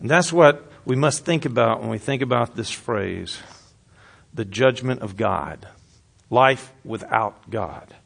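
A man delivering a sermon with earnest conviction. He swings between raised, emphatic lines and hushed, nearly whispered ones. His voice sits at an ordinary middle pitch. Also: takes it slowly, creaky. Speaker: pastor.

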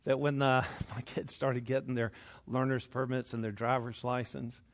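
A middle-aged man preaching a sermon, swinging from hushed, intimate passages to loud, animated outbursts. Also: medium pitch, moderate pace. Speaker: pastor.

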